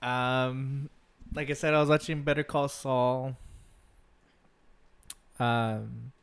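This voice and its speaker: A laid-back man chatting on a podcast who talks slowly and laughs a lot. His voice is smooth and clear, and his sentences drift off into fillers. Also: medium pitch, fairly even intonation. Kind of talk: casual chat.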